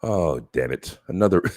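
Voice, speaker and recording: A man hosting a podcast in casual chat, chatty and quick to laugh at himself. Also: sits low, a little mellow. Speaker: podcast host.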